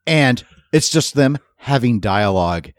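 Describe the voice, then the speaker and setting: A man's voice: medium pitch, lively intonation, a little slow, no room sound, studio quality. A man co-hosting a podcast in casual chat, rambling through fillers with wry jokes. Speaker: podcast co-host.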